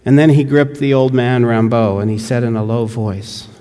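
An earnest male preacher telling a sermon story at a measured pace, his voice at a middle pitch. A long reverb trails every phrase, as in a large hall. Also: level tone, mellow.

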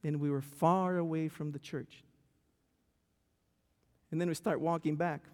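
High-voiced preacher in a reverberant hall. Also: male voice, measured pace. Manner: animated storyteller, stammering restarts. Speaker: pastor. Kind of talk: sermon with a storytelling opening. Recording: long church hall reverb.

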